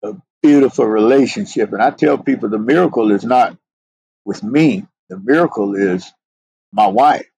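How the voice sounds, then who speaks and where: A man's voice: fairly low pitch, normal speed, creaky, a little mellow, husky, no room sound, lo-fi sound. A middle-aged man, a police sergeant, earnestly telling a personal story as a podcast guest, often saying "you know". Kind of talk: heartfelt storytelling interview.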